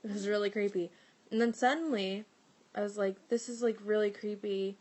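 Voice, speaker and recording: A young woman telling a personal story in a loose, chatty way. Her voice sits in a middle pitch for a woman, and she fills her sentences with fillers. She jumps up into lively exclamations whenever she quotes what someone said. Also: normal speed, poor audio. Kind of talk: casual storytelling.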